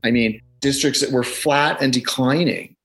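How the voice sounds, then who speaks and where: A man's voice: mid-range voice, normal speed, music in the background, low-quality recording. A middle-aged man guesting on a podcast over a video call, talking in an emphatic, explanatory way and leaning on data to make his case. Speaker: education consultant, podcast guest.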